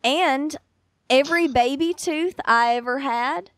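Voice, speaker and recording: A woman's voice: high-pitched, slow pace, fairly bright tone, dry recording, studio quality. A woman co-hosting a casual chat, recounting her own experience in a plain, matter-of-fact way. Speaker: co-host.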